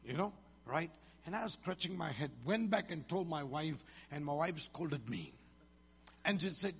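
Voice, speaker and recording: Preaching in a reverberant hall, this Malaysian man in his fifties uses a high, creaky, husky voice with lively intonation at a normal speed. The pastor speaks emphatic Malaysian-accented English and throws questions out to his congregation.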